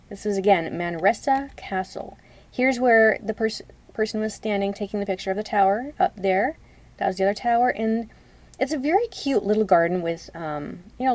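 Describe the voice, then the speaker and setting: A woman's voice: medium pitch, darkish tone. Chatty young woman live-streaming. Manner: chatty, rambling, laughs often, self-correcting. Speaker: live streamer showing reference photos. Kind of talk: casual live-stream chat.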